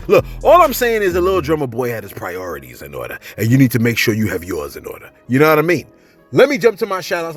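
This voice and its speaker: Guy riffing on celeb gossip, voice jumps all over, bit high for a man, faint music under it. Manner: animated, rambling, keeps saying "you know what I'm saying". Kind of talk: casual comedic commentary.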